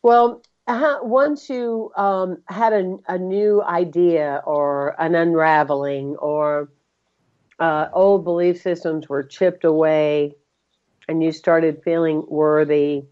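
Slow-talking low-voiced woman host. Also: fairly even intonation, muffled recording. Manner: unhurried, thoughtful questioning. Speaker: podcast host. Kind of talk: conversational interview.

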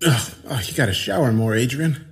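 A man's voice: mid-range voice, expressive, brisk, faint music behind, pitched above the performer's own voice, natural voice. A man voicing a giggly, unhinged young man in his mid-twenties who taunts and jokes casually. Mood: teasing. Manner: smirking, laughing, casual slangy taunts.

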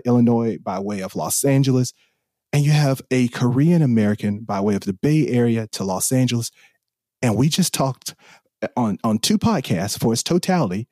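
A man in his forties from the Southern US speaks earnestly on a podcast. He is impassioned and often repeats phrases for emphasis. His voice sits at a middle pitch and sounds dry and close to the mic. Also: darkish tone, dry recording. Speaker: podcast host. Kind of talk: heartfelt podcast conversation.

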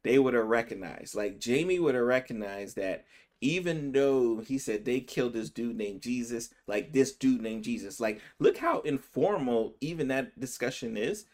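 A man physician hosts his own podcast, speaking in a mid-range voice with loose, conversational commentary. He often tosses in a quick "right?" to check in with the listener. He rushes through some phrases and drags out others to stress a word. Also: medium pitch, animated, a little mellow. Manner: speeds up and slows down to stress words. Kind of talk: casual opinion commentary.

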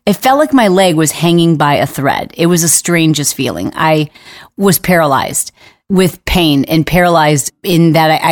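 A middle-aged woman hosting a podcast, telling a story in a casual, animated way and laughing now and then. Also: lowish voice, no echo, clean studio sound. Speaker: podcast host.

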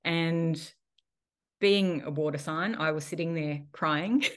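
A woman being interviewed on a podcast, telling a personal story in a lively way and laughing often. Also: deep voice, slow pace. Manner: animated storytelling with frequent laughter. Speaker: guest, priestess and healer.

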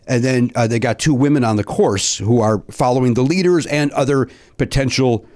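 Middle-aged male podcast guest with an average pitch, telling stories with lots of "uh"s and restarts. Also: moderate pace. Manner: animated storytelling, many fillers and restarts. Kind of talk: casual chat, telling a story.

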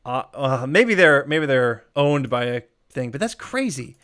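A man co-hosting a podcast, recapping a film in casual chat, animated, with frequent laughs and rambling asides. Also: mid-range voice, unhurried. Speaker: podcast co-host.

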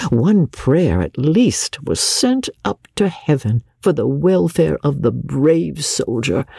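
Slow, husky woman audiobook narrator. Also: rumbling low, no echo, clean studio sound. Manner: expressive, measured storytelling. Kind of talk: scripted narration.

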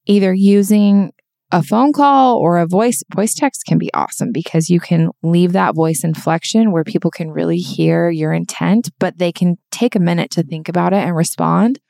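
A woman with a fairly low voice co-hosting a casual podcast. She talks earnestly and encouragingly and works through examples at length. Her voice is recorded dry and close, with no room sound. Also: creaky, darkish tone, no room sound. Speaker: podcast co-host.

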